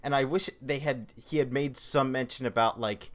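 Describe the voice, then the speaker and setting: A man's voice: mid-range voice, steady tone, normal speed. Guy rambling about comics, lots of likes and restarts, casual chat. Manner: rambling, many fillers and restarts. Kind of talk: casual comic book discussion.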